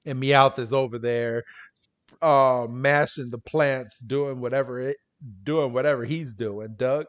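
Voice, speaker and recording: A man's voice: measured pace, lo-fi sound. A man co-hosting a podcast, casually and animatedly retelling a cartoon episode. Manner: animated retelling, jumps into high voices to quote characters. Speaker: podcast co-host. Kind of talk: casual recap chat.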